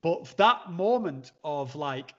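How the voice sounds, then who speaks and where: A man tells a long story as a podcast guest, his voice a little high for a man. He talks haltingly, with many restarts and fillers. The audio is dull and lo-fi. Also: animated, fairly bright tone. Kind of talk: conversational storytelling. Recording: dull lo-fi sound.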